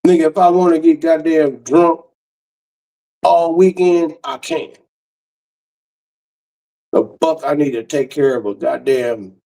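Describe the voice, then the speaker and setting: A middle-aged man doing stand-up comedy, telling stories in a brash, profane way with big swings in pitch. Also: vocal fry, mellow, recorded from a distance.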